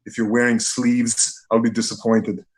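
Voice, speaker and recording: A man doing an impression of a commanding older male bodybuilder star, speaking curtly and deadpan. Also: mid-range voice, moderate pace, pitched below the performer's own voice, natural voice. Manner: curt, bossy, deadpan.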